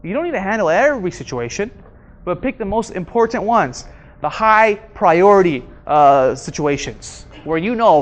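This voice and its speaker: A male instructor leads an interactive seminar in a training room. He throws questions at the audience and acts out his examples with animated energy. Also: high voice, moderate pace. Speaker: workshop instructor.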